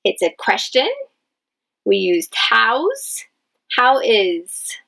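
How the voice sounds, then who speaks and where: A woman English teacher leading a dictation lesson, speaking patiently and spelling out each word clearly. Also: a little high, very animated, very slow, a bit bright, rough recording. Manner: patient, enunciates each word, stresses key words. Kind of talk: slow, clear classroom dictation.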